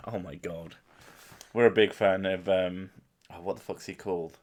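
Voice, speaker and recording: A man's voice: low-pitched, fairly even intonation, normal speed. A young man hosting a stream, chatting casually with a co-host in jokey, sweary banter and laughing often.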